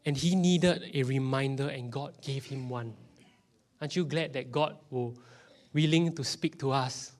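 A man's voice: mid-range voice, a little slow. Singaporean man preaching a sermon. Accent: Singaporean English. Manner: animated, drops into whispers for emphasis. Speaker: pastor. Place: church hall.

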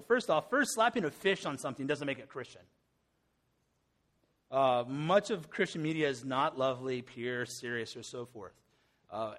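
A man's voice: on the high side, a bit bright. A middle-aged man preaching a sermon as pastor, conversational and earnest, with casual asides and restarts.

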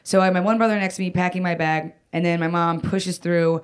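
A woman's voice: fairly low pitch, steady tone, brisk, smooth. A woman telling a personal story in casual chat, rambling, full of "like" and "um", with frequent restarts and casual swearing.

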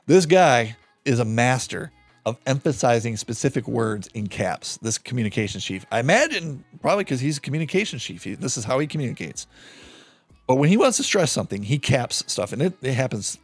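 A man hosting a podcast, retelling a true-crime case in a loose, animated, profane way. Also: mid-range voice, a little fast, breathy edge, dry recording, soft background music. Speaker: podcast host. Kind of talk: casual true-crime storytelling.

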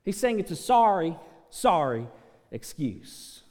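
A middle-aged preacher whose voice sits fairly high and leaps all over the place. He moves between loud, folksy urging and hushed, earnest appeals, restarting and repeating words as he goes. The sanctuary lets each phrase ring out in a long reverb. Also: normal speed. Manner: preachy, shifts between loud energetic exhortation and soft earnest pleading. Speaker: pastor. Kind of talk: sermon. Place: church sanctuary.

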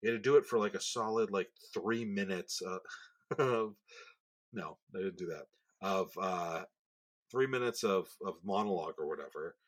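Low-voiced man chatting casually. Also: moderate pace. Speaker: podcast co-host. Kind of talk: casual chat.

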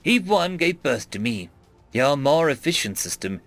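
A man voicing a cold, taunting female android that speaks in a stilted, synthetic way, slow and mocking. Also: fairly high pitch, very animated, a bit bright, dry recording, soft background music, exaggerated voice.

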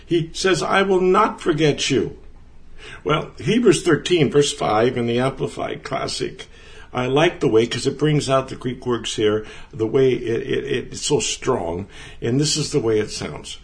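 A man's voice: medium pitch, lively intonation, a little slow. A man teaching the Bible in a conversational way, earnest and emphatic, repeating words for stress.

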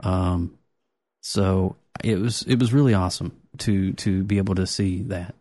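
A man hosting a casual pop-culture podcast, talking excitedly with lots of restarts and jokes. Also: deep voice, measured pace, dry recording. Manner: excitable, joking, many restarts. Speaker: podcast host.

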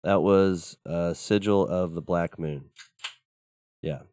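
A man's voice: low voice, steady tone, slow, darkish tone, clean tone, no room sound. A man who plays in a band, chatting casually as an in-studio guest, laid-back and rambling, with lots of fillers and some swearing. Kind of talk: casual interview chat.

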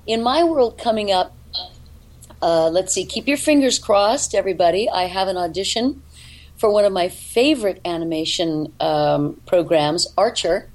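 A woman voice actor and dialect coach, talking in an interview in an articulate, deliberate way. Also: mid-range voice, lively intonation, a little mellow, low-quality recording. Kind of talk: interview talk.

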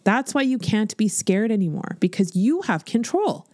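A woman in her forties hosting a podcast as a business coach, talking in a blunt, animated, swear-filled motivational style. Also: mid-range voice, normal speed, no echo. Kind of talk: casual motivational podcast monologue.

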